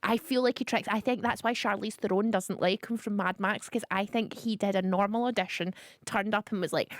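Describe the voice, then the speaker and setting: A woman's voice: mid-range voice, fairly even intonation, brisk, no room sound, studio quality. A woman hosting a radio show, chatting playfully and laughing often as she slips into silly impressions. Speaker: radio host. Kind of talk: casual comedic chat.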